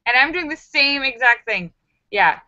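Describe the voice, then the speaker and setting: A woman's voice: high voice, expressive, moderate pace, sharp tone, no room sound, highs cut off. A woman hosting a casual live stream, chatting and telling jokes, laughing often and acting out quoted voices.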